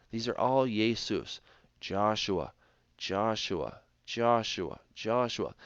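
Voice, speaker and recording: A man's voice: fairly low pitch, dry recording, dull audio. A man giving a Bible lecture while sharing his screen, explaining things step by step and often checking in with "right?". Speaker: Bible teacher.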